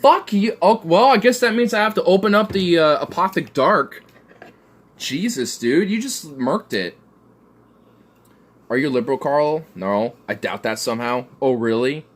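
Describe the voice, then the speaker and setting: Drunk man, loud and rambling. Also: fairly high pitch, expressive, a little slow. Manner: loud, rambling, swearing, laughing a lot. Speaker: livestream co-host. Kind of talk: casual drunken chat.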